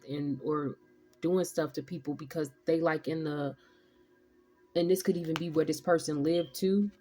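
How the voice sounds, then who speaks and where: A woman's voice: deep voice, darkish tone. A woman giving a casual tarot reading, rambling and profane with streetwise slang. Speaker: tarot reader.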